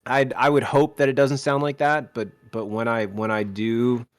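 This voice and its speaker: Podcast guy rambling and joking, keeps restarting sentences, average pitch, dry close sound. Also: little pitch movement, moderate pace, no room sound. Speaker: podcast co-host. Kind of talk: casual chat.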